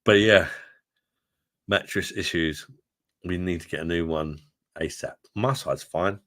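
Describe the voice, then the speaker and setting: A man's voice: sits low, measured pace, fairly bright tone, no room sound, clean studio sound. A man hosting a casual live stream, chatting to viewers in a rambling way with frequent laughs. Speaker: beer review channel host.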